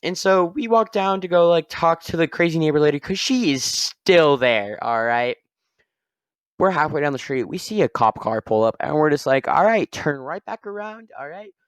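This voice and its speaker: A man hosting his own podcast, telling a story casually and rambling, often tagging sentences with a quick "all right?". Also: fairly high pitch, clean tone, no room sound, clean studio sound. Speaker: podcast host.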